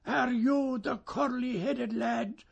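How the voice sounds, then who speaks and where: A man voicing a weary old lame wandering piper in a recited poem, speaking slowly and solemnly. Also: very high voice, fairly even intonation, creaky, husky, voice pushed up, heavily acted. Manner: slow, solemn greeting.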